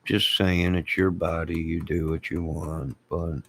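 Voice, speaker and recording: Slow, gravelly, deep-voiced man. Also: little pitch movement. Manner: rambling, repeats friendly sign-offs. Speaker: YouTube channel host. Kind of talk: casual live-stream chat to viewers.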